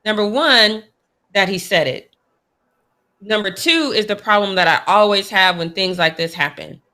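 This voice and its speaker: Bright-voiced woman sports co-host. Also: medium pitch, normal speed. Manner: opinionated, emphatic. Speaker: podcast co-host. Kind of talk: casual sports chat.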